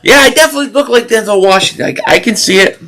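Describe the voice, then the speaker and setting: A man's voice: high-pitched, rapid-fire. A man hosting a live stream watch party, chatting casually with viewers and ranting opinionatedly about football with frequent restarts. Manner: opinionated, animated sports rant with repeated restarts. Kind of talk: casual live stream chat, reading super chats.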